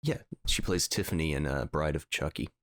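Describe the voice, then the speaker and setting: A young man with a very low, gravelly voice, chatting loosely on a podcast with plenty of filler words. The sound is dry and close. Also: fairly quick, no room sound. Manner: rambling, lots of fillers. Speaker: podcast co-host. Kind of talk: casual chat.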